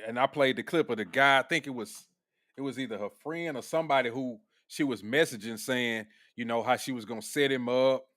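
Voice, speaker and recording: Bright-voiced man doing blunt commentary. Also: mid-range voice, a little fast, no echo, clean studio sound. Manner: blunt, profane, animated, laughs often. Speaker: commentary host. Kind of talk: casual reaction commentary.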